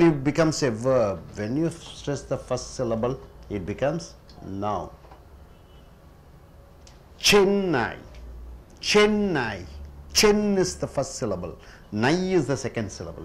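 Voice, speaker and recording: A man with an Indian English accent teaching English pronunciation, slowly repeating each word as a drill. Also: medium pitch. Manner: slow, repeats words for drill, addresses listeners as sir. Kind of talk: classroom lesson.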